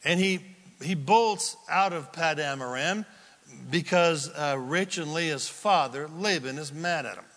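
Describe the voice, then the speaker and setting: A male pastor giving a sermon, telling a story with animated delivery and questions to the congregation. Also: a little high, unhurried, in a large hall. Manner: animated storytelling, acts out quotes, asks the crowd questions.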